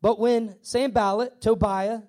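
High-voiced man preaching a sermon. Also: fairly even intonation, unhurried, warm tone. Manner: emphatic, repetitive preaching with stammered acted asides. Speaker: pastor.

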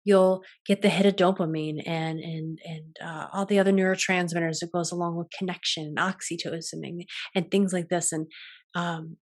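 A young adult woman hosting a yoga and wellness talk, speaking in a gentle, contemplative way with frequent restarts. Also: lowish voice, fairly even intonation, normal speed. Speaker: yoga and wellness podcast host. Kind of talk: reflective solo talk.

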